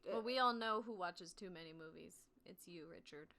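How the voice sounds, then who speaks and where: A woman's voice: on the low side, normal speed, bright, forceful tone. A woman co-hosting a podcast in casual true-crime chat, joking and laughing often. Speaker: podcast co-host.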